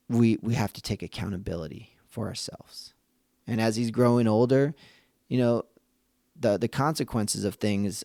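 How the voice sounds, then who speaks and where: A man in his thirties talks through a podcast episode in an earnest, loose way, circling back and restarting his thoughts. His voice sits low with a gravelly edge, and it is recorded dry and close with no room sound. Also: dark tone, no echo. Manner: earnest, conversational with frequent restarts. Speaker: podcast host. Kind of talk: casual reflective monologue.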